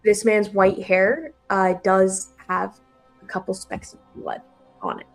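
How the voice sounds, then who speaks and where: A woman's voice: medium pitch, level tone, takes it slowly, soft background music. A woman running a tabletop game as game master, chatty and giggly, with many fillers and restarts.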